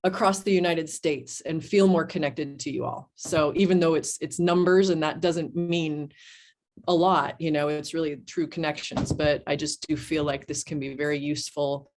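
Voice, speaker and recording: A woman with a fairly low voice talks on a group call. She thinks aloud and often restarts her sentences as she goes. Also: steady tone, moderate pace, darkish tone. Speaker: call participant. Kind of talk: casual remarks on a group call.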